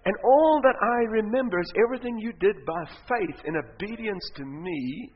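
Man playing a warm, happy Jesus judging. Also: high-pitched, expressive, normal speed. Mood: gentle. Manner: warm, reassuring. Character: joyful Jesus as judge, gentle and warm. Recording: echoey hall, dull sound.

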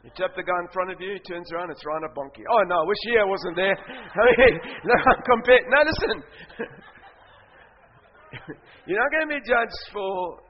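A man preaching a sermon, telling stories in an animated, joking way and often laughing. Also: sits high, moderate pace, long pauses, slight background noise. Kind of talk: sermon storytelling. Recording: echoey hall, dull sound.

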